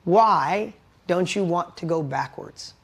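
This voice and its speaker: A man's voice: high-pitched, slow, vocal fry, a bit bright, husky. A middle-aged man and business owner giving an emotional motivational talk, intense and heartfelt, blunt with casual swearing. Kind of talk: emotional personal storytelling.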